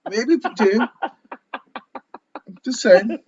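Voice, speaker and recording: High-pitched guy rambling and cursing through a fight preview, dull lo-fi audio. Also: expressive, extremely slow, darkish tone, husky. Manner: profane, joking, rambling. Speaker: co-host. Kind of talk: casual MMA fight preview chat.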